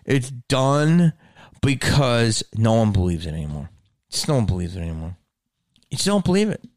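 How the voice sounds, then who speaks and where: A man's voice: mid-range voice, very animated, moderate pace, no room sound, studio quality. A man doing a profane, emphatic stand-up rant about his schooling and distrust. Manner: profane, emphatic, rising to shouted rants.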